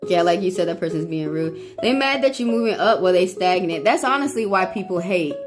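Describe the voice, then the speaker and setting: A woman's voice: on the low side, lively intonation, a little fast. Blunt, cursing woman live-streaming over guitar music. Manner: blunt, profane, fiery. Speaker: tarot card reader. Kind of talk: live-stream talk to chat.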